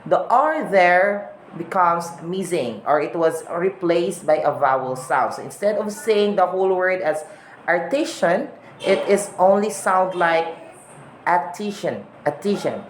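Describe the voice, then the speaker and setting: Woman teacher, slow careful lesson, lowish voice, echoey room w faint hum. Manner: slow, repeats example words to model pronunciation. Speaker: English teacher. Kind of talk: recorded lesson on English accents.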